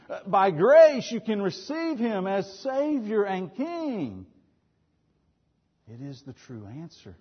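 Husky preacher swinging loud and soft. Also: male voice, medium pitch. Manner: emphatic, swings between loud declarations and quiet asides. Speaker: pastor. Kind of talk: sermon. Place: church. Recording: dull lo-fi church recording.

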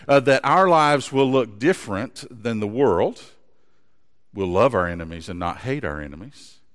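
A pastor preaching a sermon, earnest and story-driven. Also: male voice, medium pitch. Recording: long hall reverb.

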